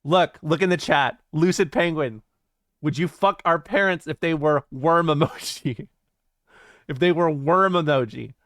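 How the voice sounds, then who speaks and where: A man's voice: a little high, measured pace, fairly bright tone, no room sound, studio quality. A man streaming live, reading his chat aloud and joking around with plenty of swearing and laughter. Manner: joking and profane, often laughing. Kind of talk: casual livestream chat reading.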